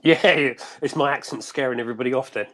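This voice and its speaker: A man in his late thirties with a Cambridge accent, co-hosting a casual live video chat, chatty and quick to laugh, often restarting his sentences. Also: fairly high pitch, a bit bright. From Cambridge, England. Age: late 30s. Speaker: co-host. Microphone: mobile phone.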